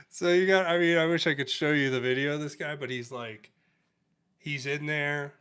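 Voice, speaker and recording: A man's voice: fairly high pitch, fairly even intonation, measured pace, fairly bright tone. Sarcastic man hosting a livestream. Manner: sarcastic, chuckling asides. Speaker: livestream host. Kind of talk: livestream commentary.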